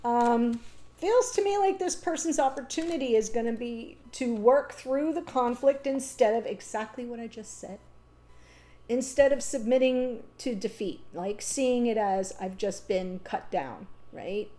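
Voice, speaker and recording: A woman's voice: on the high side, a little slow, mellow. A woman reading tarot cards aloud in an unscripted monologue. She speaks in a thoughtful, reassuring way and thinks aloud with ums and restarts. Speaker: tarot reader.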